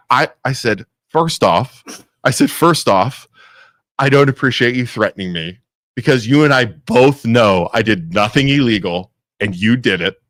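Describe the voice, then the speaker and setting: A man co-hosting a local talk show, telling stories in an animated way and laughing often. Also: mid-range voice, no room sound. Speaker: co-host. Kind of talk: casual radio talk show chat.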